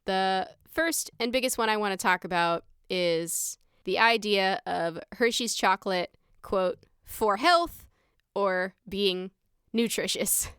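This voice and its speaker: A woman co-hosting a casual podcast, talking with a wry humor and laughing often. Her voice is smooth and clear. The recording is dry and close. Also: mid-range voice, unhurried, a bit bright, no room sound. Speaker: podcast co-host. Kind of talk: casual chat.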